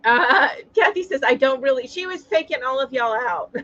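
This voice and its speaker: A woman's voice: sits high, expressive, moderate pace, pushed and bright, dull audio. A woman hosting a casual live chat stream, greeting viewers by name and laughing often as she talks. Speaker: livestream host.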